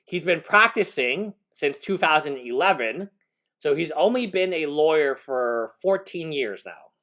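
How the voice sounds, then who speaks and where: A man's voice: on the high side, lively intonation, a little slow, bright, forceful tone. Incredulous man reacting live. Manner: incredulous, laughing, rambling with restarts. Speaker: lawyer streamer reacting live.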